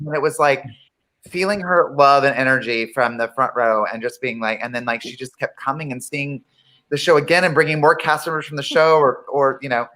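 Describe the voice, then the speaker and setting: Bright male cast member, halting and rambling in casual chat. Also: medium pitch, low-quality recording.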